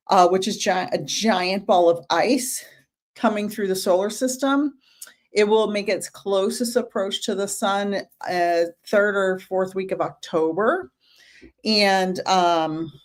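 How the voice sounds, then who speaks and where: A woman hosting a casual live stream Q&A as a medium, chatty and greeting viewers by name, a little out of breath. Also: mid-range voice.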